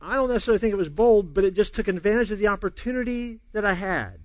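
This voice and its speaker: Animated high-voiced man preaching. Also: quick pace, no echo. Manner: animated storyteller, acts out dialogue, laughs along. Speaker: pastor. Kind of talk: sermon with a humorous personal story.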